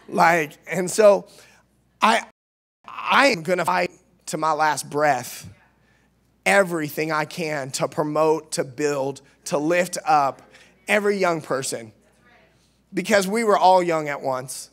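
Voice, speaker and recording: A man from Missouri preaching a sermon as youth minister, earnest, restarting words, swinging between loud and soft. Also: a little high, slow, long pauses. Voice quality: nasal at times. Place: church.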